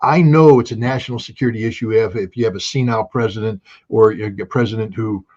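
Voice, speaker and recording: Husky guy talking politics, restarts a lot, kinda muffled audio. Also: lowish voice, fast talker. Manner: animated, restarts with many fillers. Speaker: guest. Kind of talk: casual political talk.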